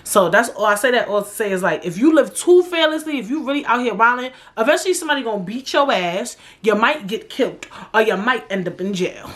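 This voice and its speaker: Podcast host, young woman from New York, casual and profane, pitched a bit high. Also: fairly quick, hardly any pauses. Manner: animated, profane, slangy storytelling. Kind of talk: casual storytelling monologue.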